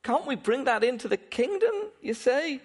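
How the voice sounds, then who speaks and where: A man preaching a sermon in a fairly high voice that swoops up and down with lively energy. He keeps asking the congregation questions, breaks into short chuckles, and restarts his phrases as he goes. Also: moderate pace, slightly rough.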